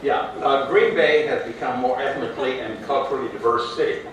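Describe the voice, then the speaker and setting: A male professor on a debate panel reads a question plainly and carefully, at a middle pitch. The sound is distant and very echoey, with faint hiss, in a large hall. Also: a little fast.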